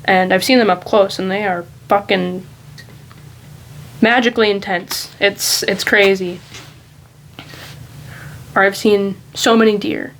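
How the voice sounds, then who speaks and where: A woman vlogging in a loose, rambling way, thinking aloud and speaking candidly at an ordinary, middle pitch. A faint hiss of background noise sits beneath her voice. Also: fairly even intonation, measured pace, long pauses, low-quality recording. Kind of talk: casual reflective monologue.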